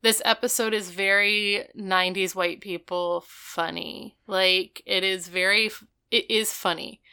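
A woman's voice: mid-range voice, fairly even intonation, unhurried, pushed and bright, clear, resonant tone. A woman co-hosting a casual chat, retelling scenes and leaning heavily on "like". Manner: chatty, retells scenes with many "like"s. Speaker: podcast co-host. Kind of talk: casual episode recap chat.

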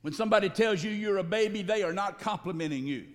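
Male pastor, high voice, emphatic sermon delivery with call-and-response, long church reverb. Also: fast. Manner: emphatic, calls for congregation response. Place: church sanctuary.

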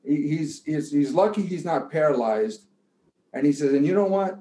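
A man who played college football gives a motivational pep talk that swells toward shouting and then tells a long story. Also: on the high side, animated, normal speed, slight background noise. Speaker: guest giving a pep talk.

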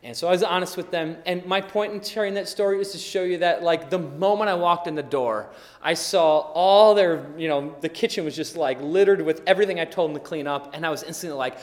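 A man preaching a sermon as a pastor, telling stories with animation and swinging from loud to hushed. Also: a little high, brisk. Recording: long reverb in a large hall.

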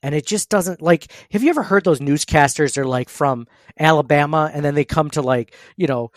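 Man, podcast host, fairly high voice, dry close sound, rambling, lots of fillers and laughs. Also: fairly quick, dry recording. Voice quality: says he has an annoying voice. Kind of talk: casual sports podcast chat.

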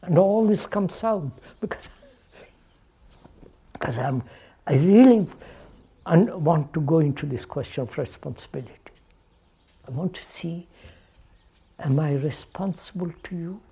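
A man's voice: on the high side, measured pace, pauses often, dark tone, breathy edge. A man giving a reflective public talk to an audience, posing questions and repeating phrases, often checking with "right?". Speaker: speaker addressing an audience.

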